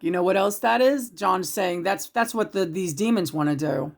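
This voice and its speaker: A woman in a loose, rambling monologue about spiritual matters, speaking as a psychic channeler. Her voice sits at an ordinary middle pitch. She restarts her sentences often and jumps between loud, emphatic phrases and soft, dropped asides. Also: normal speed. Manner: meandering, with many restarts and sudden swings between loud and hushed.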